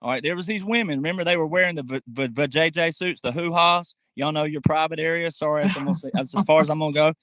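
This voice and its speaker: A man's voice: fairly high pitch, fast, few pauses, fairly bright tone, no room sound. A man delivering a political commentary monologue, emphatic and talking straight to his audience, acting out quotes in mocking voices. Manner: emphatic, addresses audience directly.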